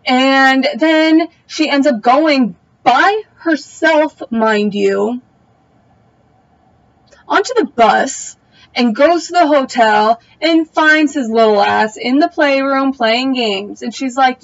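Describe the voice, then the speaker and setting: A woman's voice: high-pitched, slow, highs cut off. A young woman giving a casual, opinionated recap of a TV episode, full of slangy asides. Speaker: TV recap vlogger.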